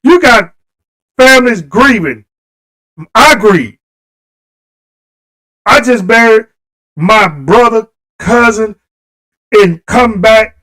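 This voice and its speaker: High-voiced guy going off on a livestream, heated, talking right at the viewers, aave. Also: lively intonation, takes it slowly, pauses often, pushed and bright, poor audio. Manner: impassioned, talks straight to viewers. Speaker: live stream host. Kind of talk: livestream political rant.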